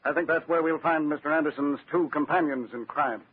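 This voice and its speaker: An actor playing a shrewd, measured male district attorney in a 1940s radio drama, heard through an old lo-fi broadcast. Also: fairly high pitch, slightly rough, no room sound. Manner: dry, measured, authoritative. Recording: dry lo-fi vintage radio broadcast.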